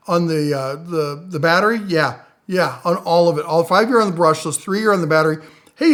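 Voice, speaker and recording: A middle-aged man with a fairly high voice runs through tool deals in a casual, rambling way. He is enthusiastic, his voice jumping up and getting louder on items he likes, then dropping low and quiet for asides. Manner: enthusiastic, rambling, with lively swings in loudness and pitch. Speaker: tool reviewer. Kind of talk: casual product rundown.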